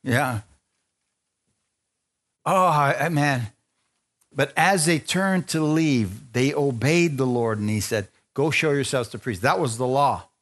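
A man preaching a sermon to a congregation, lively, laughing often and asking for amens as he retells scripture stories. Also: takes it slowly, long pauses. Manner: animated, asks the congregation for amens; laughs often, acts out quotes in a higher voice. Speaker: pastor.

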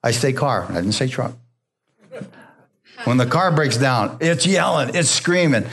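A pastor preaching a sermon, drawing amens from the congregation and dropping to a soft, low voice when he quotes God. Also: lively intonation, measured pace, creaky. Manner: call-and-response preaching, asking the congregation for amens; drops low and soft for God's voice, rises for emphasis.

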